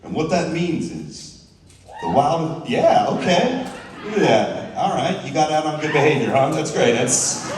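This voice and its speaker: A man's voice: medium pitch, animated, unhurried, a little mellow. A man in his thirties from Southern Oregon, doing a stand-up comedy set in a loose, chatty way with frequent restarts. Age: 30s. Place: large theater stage. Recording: echoey, distant theater recording with room noise.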